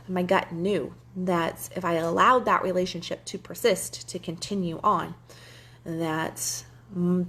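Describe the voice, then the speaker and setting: A woman's voice: mid-range voice, fairly bright tone. A woman life coach talking casually to her viewers, candid and chatty, sometimes swearing and acting out what others said. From German heritage. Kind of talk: casual livestream talk to viewers.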